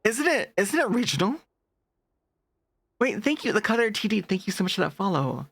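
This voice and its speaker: A streamer with a deeper, gravelly voice and a touch of fry chats casually with a live audience late at night. The talk is animated, full of quick laughs, and keeps breaking off to read and answer chat messages. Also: dry recording. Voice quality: deeper natural voice. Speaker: VTuber streamer.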